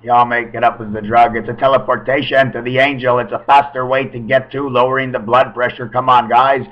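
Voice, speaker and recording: A man talking straight into a webcam at home, rambling from one thought to the next. His voice drops to low murmurs and then jumps to loud bursts. The webcam audio sounds dull and muffled. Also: level tone, fairly quick. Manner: rambling, free-associating, swings between murmuring and loud outbursts. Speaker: webcam vlogger. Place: at home, indoors.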